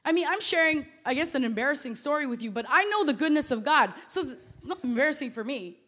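High-voiced woman preaching animatedly. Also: fast talker. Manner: animated, swings between quiet asides and loud exclamations; conversational, laughs often. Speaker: pastor. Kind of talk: sermon to a youth audience.

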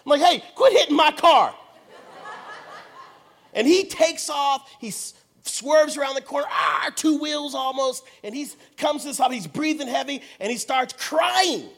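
A high-pitched American man delivering a sermon as a lively story. He acts out every exchange with theatrical energy and swings between loud bursts and hushed asides. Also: moderate pace, vocal fry, hardly any pauses. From United States. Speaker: preacher.

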